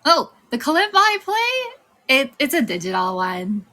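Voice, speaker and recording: Woman, 30s, slight Irish tinge, bright voice, fairly high, giggly casual streamer chat. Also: wildly swooping pitch, a little slow. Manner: giggly, chatty, laughs often. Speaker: VTuber streamer.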